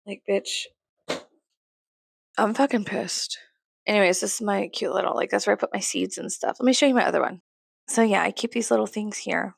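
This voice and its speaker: A woman vlogger ranting in a casual, rambling way, full of swearing, jumping from loud outbursts to low mutters. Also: steady tone, normal speed, vocal fry, long pauses, breathy edge, dry recording.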